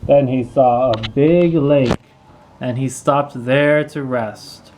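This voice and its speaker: A man reading a children's storybook aloud, clear and expressive. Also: medium pitch, slow, a little hiss or hum, rough recording. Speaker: storybook reader.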